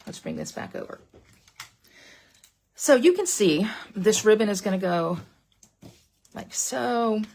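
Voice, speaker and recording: This middle-aged woman's fairly low, creaky voice carries a little hiss or hum as she leads a live card-making class online from a webcam at her craft desk. Chatty and rambling, she sometimes falls to a whisper in her excitement.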